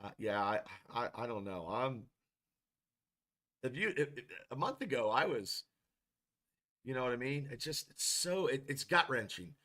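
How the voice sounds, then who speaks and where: A man's voice: medium pitch, expressive, moderate pace, pauses often, bright, forceful tone. A man hosting a casual football podcast, rambling and frustrated, with many restarts as he reads chat comments. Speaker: podcast host.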